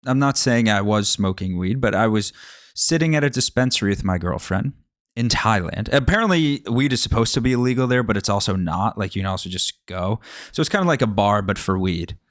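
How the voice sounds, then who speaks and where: A man's voice: fairly low pitch, expressive, brisk, a bit bright, no room sound, clean studio sound. A young man telling rambling personal stories in a casual monologue, often turning to ask the listener rhetorical questions. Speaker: podcast host.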